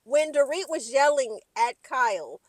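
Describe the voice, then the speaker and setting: A woman's voice: high voice, lively intonation, measured pace, no echo. A woman giving a casual, slangy recap of reality TV gossip, acting out the quotes in shifting voices.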